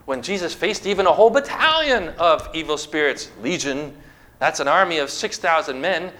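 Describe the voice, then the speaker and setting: A male preacher delivers a sermon in an emphatic, declamatory way. His voice is bright and forceful, sitting a little high for a man. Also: expressive, normal speed. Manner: emphatic, declamatory preaching, reading scripture aloud.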